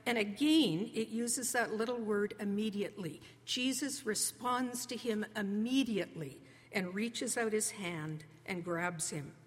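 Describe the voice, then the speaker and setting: A woman preaches a sermon from the pulpit, her mid-pitched voice earnest and conversational. She slows right down to stress key words. The sound carries a long reverb from a large church hall. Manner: earnest, conversational preaching with slow emphatic pauses. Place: church sanctuary.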